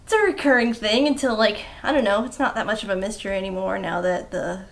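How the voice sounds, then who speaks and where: A woman's voice: mid-range voice, steady tone, quick pace, gravelly. A young woman co-hosting a movie podcast, chatting casually and peppering her talk with "like". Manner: chatty, many "like"s, reads descriptions aloud. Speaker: podcast co-host.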